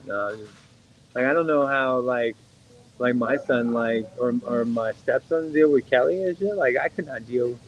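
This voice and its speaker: A man's voice: mid-range voice, unhurried, highs cut off. A middle-aged man co-hosting a casual podcast, rambling and profane, with lots of "like" fillers. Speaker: podcast co-host.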